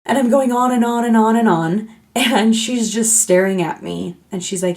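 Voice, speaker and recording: Chatty woman with a gravelly edge. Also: on the high side, normal speed, a little mellow. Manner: chatty, playful, self-mocking oversharer. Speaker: podcast host. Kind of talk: casual solo podcast chat.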